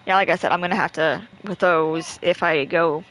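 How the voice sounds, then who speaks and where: A woman streams a game from home, chatting easily with her co-host and viewers and laughing often. Her voice is lowish, a bit bright and steady, at a moderate pace. The recording is low quality, with faint background noise.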